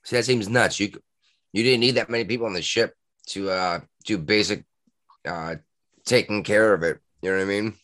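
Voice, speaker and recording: A man's voice: lowish voice, fairly even intonation, normal speed, a bit bright, no echo. A man hosting a casual podcast, talking bluntly with crude jokes.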